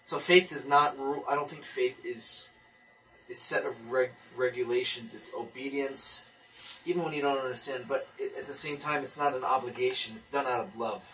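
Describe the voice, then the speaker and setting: Young man sharing his testimony, lively and repetitive, bright tone, picked up from across the room. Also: mid-range voice, normal speed. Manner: animated storyteller, restarts and repeats. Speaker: person giving a testimony. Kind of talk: casual testimony in a group talk. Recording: distant mic.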